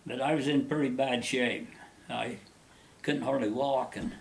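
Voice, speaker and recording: A man's voice: medium pitch, fairly even intonation, measured pace. A man being interviewed, telling a personal story in a rambling, folksy way with many restarts.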